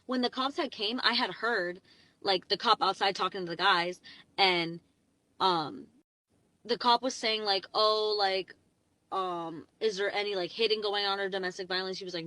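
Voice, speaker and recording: A young woman tells a story to her phone camera from the driver's seat, rambling with endless fillers and growing more excitable as she goes. Her voice sits at an ordinary middle pitch. The sound is dry and close, with no room echo. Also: moderate pace. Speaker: vlogger. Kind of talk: casual storytime vlog.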